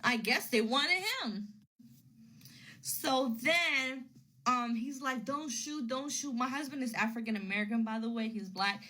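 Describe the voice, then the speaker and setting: Woman, casual storytelling to camera, rambling, repeats phrases, somewhat high pitch. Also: measured pace, sharp tone, poor audio. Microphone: phone.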